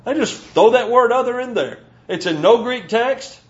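A male preacher giving a sermon, teaching from scripture and slowing down to stress key phrases. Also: very high-pitched, animated, highs cut off. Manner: emphatic, slows down to stress scripture.

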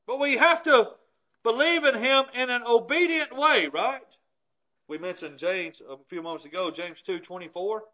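A preacher delivers a sermon in a strikingly high voice for a man. He speaks emphatically and keeps putting rhetorical questions to his listeners. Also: moderate pace, bright, forceful tone.

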